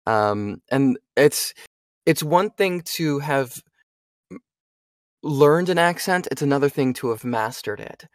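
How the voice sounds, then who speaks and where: A young American man talks shop as a voice actor in a relaxed interview. He chats loosely, checks in with the listener over and over, and sits close in a dry, dead-sounding space at an ordinary middle pitch. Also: slow, dry recording. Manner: chatty, asks "you know what I mean?" a lot. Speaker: voice actor and audiobook narrator. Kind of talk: casual interview chat.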